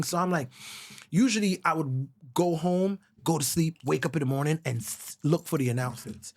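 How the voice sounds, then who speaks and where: His voice is a little high and a little mellow, at normal speed. The middle-aged songwriter from the Virgin Islands, a guest in a casual storytelling interview, opens up candidly and emotionally, swearing a lot and saying bro.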